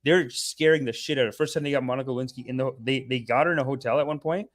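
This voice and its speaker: A young man hosting a casual, rambling review, profane and animated, who slips into mock voices for the people he describes. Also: medium pitch, racing. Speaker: show host reviewing a documentary series.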